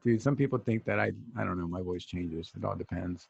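A man's voice: low voice, brisk, vocal fry, breathy edge, no echo, muffled recording. A man in his forties in casual banter about movies, acting out lines with big swings of voice. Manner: animated, acts out quotes with big voice jumps.

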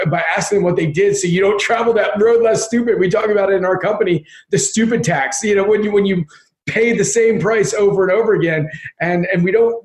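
A man talking as an interview guest in casual chat, energetic and often repeating words as he thinks. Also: high voice, echoey room.

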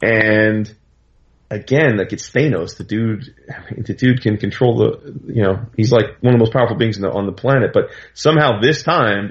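A man's voice: lowish voice, muffled recording. A man recapping a comic book story in casual, rambling talk full of fillers and asides. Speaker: comics commentator.

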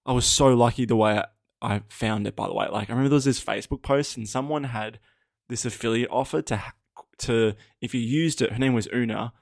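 A man's voice: medium pitch, fairly quick, gravelly, no room sound. Young Australian male podcast host, loose and candid, swears freely and laughs often, dry close sound. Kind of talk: casual solo podcast storytelling.

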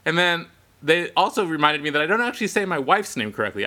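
A man's voice: fairly high pitch, fast. A man co-hosting a podcast, telling stories in casual chat, laughing and acting out what others said. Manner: animated, laughing storyteller who acts out quoted voices. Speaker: podcast co-host.

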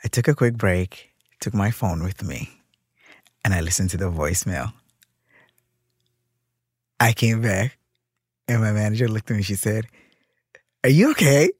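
A man in his thirties from Minneapolis, telling a personal story in an animated way and acting out the voices of others. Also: on the low side, moderate pace, pauses often, husky, dry recording, studio quality. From Minneapolis, USA. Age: 30s. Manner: animated, acts out quoted voices. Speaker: interview guest, drag performer.

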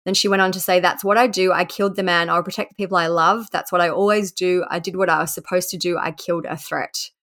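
A woman's voice: on the low side, bright, forceful tone. A woman hosting a podcast who narrates a case in a casual way, reading quotes aloud and adding asides. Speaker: podcast host. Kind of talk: casual true-crime narration.

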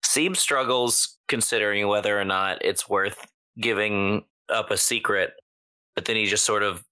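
A man playing in a tabletop game, speaking in a measured way when in character. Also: fairly low pitch, fairly even intonation, bright, forceful tone, no echo. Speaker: player. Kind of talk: casual tabletop play.

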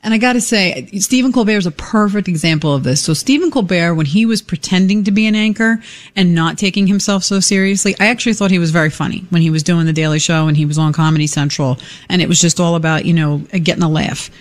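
A woman's voice: lowish voice, fast. Emphatic woman talk radio co-host.

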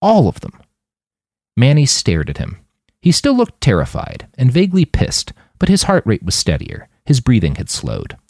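A man narrating his own fiction with expressive, scripted storytelling. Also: medium pitch, moderate pace, slightly rough, no echo, clean studio sound. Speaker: author and narrator.

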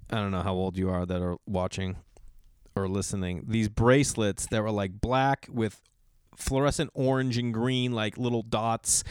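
A middle-aged man from the US Northeast spins a long, rambling personal story as a podcast host. His voice is smooth and resonant, and he keeps restarting sentences and slipping into the voices of the people in his story. The sound is dry and close, with no room around it. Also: medium pitch, no room sound. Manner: rambling and animated, full of restarts and sudden quoted voices. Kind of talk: storytelling monologue.

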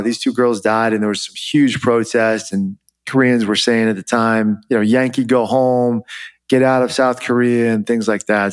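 Chatty mid-pitched man telling stories. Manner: relaxed, chatty, many fillers. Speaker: guest, former Army officer. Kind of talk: interview storytelling.

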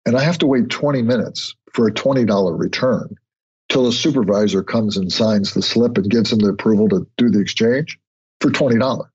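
A man, a guest on an interview podcast, telling stories in a conversational way and getting animated when he acts out other people. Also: on the low side, fairly quick. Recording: husky voice, dull lo-fi audio.

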